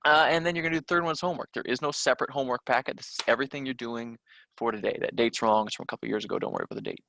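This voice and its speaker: A man's voice: mid-range voice, very animated, rapid-fire, gravelly, bright, forceful tone, slight background noise. A man teaching a recorded test-prep lesson, talking through questions in a loose conversational way with frequent fillers and restarts.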